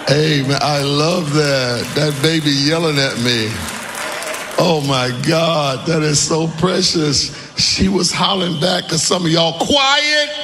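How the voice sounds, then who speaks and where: A man preaching a sermon as pastor, calling on the congregation to answer back and shouting his key lines. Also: on the high side, takes it slowly, in a large hall, a faint crowd, a little hiss or hum. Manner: call-and-response preaching, often shouting emphatic lines. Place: church sanctuary with congregation.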